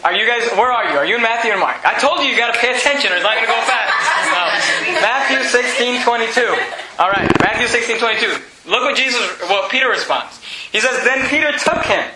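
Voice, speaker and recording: Bright, high-voiced preacher in an echoey room. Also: male voice, animated, brisk. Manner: conversational, repeats himself, quotes scripture in old wording. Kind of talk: sermon. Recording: echoey room with faint noise.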